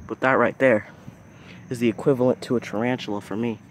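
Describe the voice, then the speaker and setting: Out in the dark with his phone, a young man who vlogs about nature narrates casually, a little fast, in a steady mid-range voice. He keeps bursting into jumpy, squeamish exclamations, and a faint outdoor hiss runs beneath the audio.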